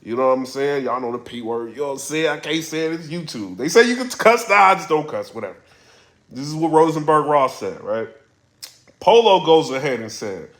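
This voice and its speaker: This is a man running his own commentary vlog, loose and slangy as he unpacks the latest drama for his viewers. His pitch sits a little high and leaps around freely. The room has a clear echo to it. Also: a little fast. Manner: slangy, animated storytelling. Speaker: battle rap blogger.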